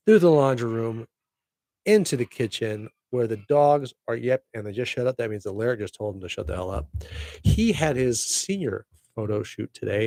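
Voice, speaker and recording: A middle-aged man hosts a casual solo podcast, talking in a chatty, upbeat way and tossing in jokey asides. His voice has a gravelly edge and sits at a middle pitch. The sound is dry and close, with no room echo. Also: a little mellow. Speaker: podcast host.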